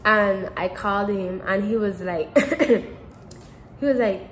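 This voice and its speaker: A teenage girl talks casually to camera, circling back and repeating herself with plenty of fillers. Her pitch sits in the middle range, and a faint hum of background noise runs under the recording. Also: takes it slowly, low-quality recording. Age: teens. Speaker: vlogger.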